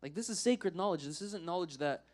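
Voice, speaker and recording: A man's voice: high-pitched, lively intonation, brisk, darkish tone. A male preacher voicing a fearless old scholar who firmly refuses a rude demand. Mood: stern.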